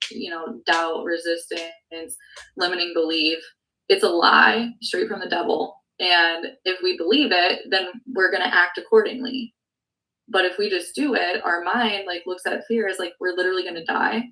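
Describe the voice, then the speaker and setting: A woman's voice: lowish voice, bright, forceful tone, far from the mic, poor audio. A woman sales producer sharing her story on a team call, earnest, full of "like" and "um", close to tears at times. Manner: heavy use of "like" and "um", earnest and emotional. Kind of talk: candid testimony on a team call.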